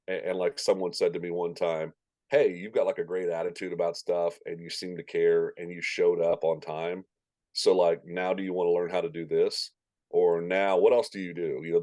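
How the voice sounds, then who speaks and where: A man's voice: deep voice, dark tone, no room sound. A man in his forties, a stadium announcer, telling anecdotes in a casual interview and acting out the voices of people in his stories.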